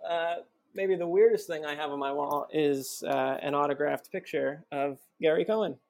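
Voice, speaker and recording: A man's voice: fairly high pitch, normal speed, creaky, darkish tone. A man guest on a casual podcast chat, talking at length and laughing mid-sentence.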